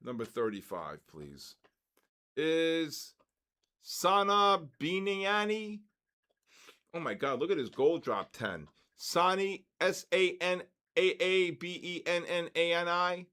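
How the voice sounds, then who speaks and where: A man hosting a casual livestream, calling out giveaway numbers and names and exclaiming excitedly over the winners. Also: high-pitched, takes it slowly, clean tone. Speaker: livestream host running a giveaway.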